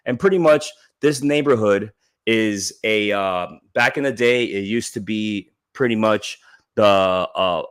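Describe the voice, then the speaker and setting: A man's voice: on the low side, fairly bright tone. Rambling, laid-back man recapping a show. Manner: loose, rambling, laughs often, many fillers. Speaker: podcast co-host. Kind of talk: casual recap chat.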